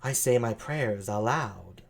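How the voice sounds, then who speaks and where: A man doing a sultry slow gentlewoman. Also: on the low side, vocal fry, pitched below the performer's own voice, heavily acted.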